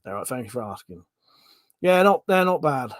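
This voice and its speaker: A man hosting a casual livestream reads viewer comments aloud, swearing freely and laughing often. He speaks a little fast with a medium pitch and big pitch swings, in studio-quality audio with no echo.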